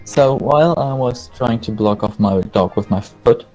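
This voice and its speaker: A man co-hosting a casual gaming chat, telling a halting, rambling anecdote. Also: mid-range voice, mellow, dull audio, faint music behind. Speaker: gaming channel co-host.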